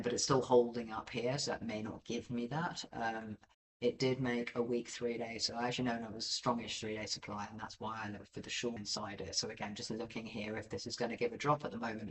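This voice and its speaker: A man's voice: medium pitch, distant mic, low-quality recording. A man giving casual live-stream market commentary over charts, rambling and self-deprecating with many filler ums. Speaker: livestream crypto chart analyst.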